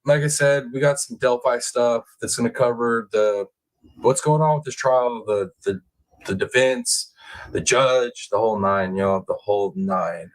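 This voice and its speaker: A man hosting a casual livestream from home, chatting with viewers and reading their comments in a relaxed, drawling way that jumps higher when he gets excited. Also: a little slow, low-quality recording. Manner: laid-back, chatty, drawling out words. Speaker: livestream host reading chat.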